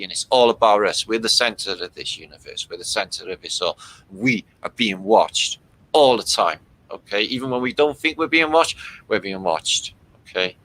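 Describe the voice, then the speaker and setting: A man's voice: lowish voice, a bit bright, poor audio. A man hosting a casual livestream from home, rambling, swearing freely and reading out viewers' comments. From Britain. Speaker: livestream host.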